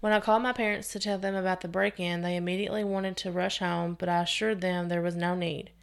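A woman's voice: fairly low pitch, level tone, fast, vocal fry, clear, resonant tone. A woman hosting a podcast, reading a scary story aloud with expression and sometimes restarting a phrase. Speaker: podcast host reading stories.

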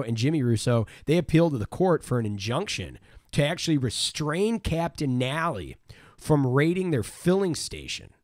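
A man's voice: fairly high pitch, a little mellow, no room sound, clean studio sound. A man casually retelling a crime story on a podcast, rambling, repeating words and swearing freely.

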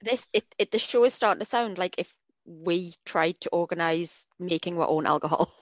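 A woman's voice: fairly low pitch, normal speed, highs cut off. A woman co-hosting a podcast, making wry jokes. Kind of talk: casual chat.

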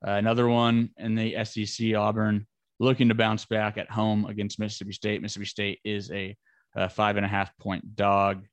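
A man co-hosting a casual sports podcast, talking through game picks in a relaxed way with lots of fillers and restarts. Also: fairly low pitch, moderate pace, no echo. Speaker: podcast co-host. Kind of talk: casual sports betting chat.

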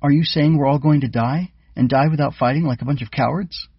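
A man's voice: fairly high pitch, brisk, breathy edge, no echo, muffled recording, pitched above the performer's own voice. A man voicing an anxious, hot-tempered young bug cadet who challenges his teacher. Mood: alarmed. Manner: agitated, challenging.

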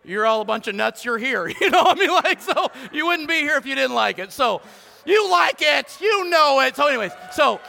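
A man preaching a sermon as pastor, animated and joking with the congregation in a church hall. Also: very high voice, creaky, slight background noise. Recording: long church hall reverb.

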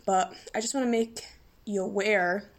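A woman's voice: medium pitch, fairly even intonation, normal speed. A woman hosting her own podcast in a casual, rambling way, giggling and making fun of herself while she is sick with a blocked nose. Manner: giddy, rambling, self-mocking, giggly. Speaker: podcast host. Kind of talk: casual solo podcast chat.

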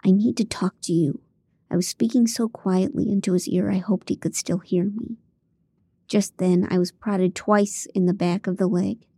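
A woman's voice: mid-range voice, fairly even intonation, moderate pace, dark tone, no echo. A woman narrating a first-person audiobook in a dry, comic way on a close studio mic.

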